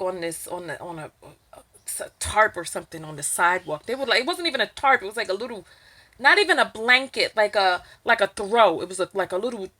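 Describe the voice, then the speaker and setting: Speaking at a medium pitch, this vlogger with a New York accent talks frankly to the camera in an opinion piece. Her delivery is animated and forceful, climbing to near-shouts whenever she gets indignant.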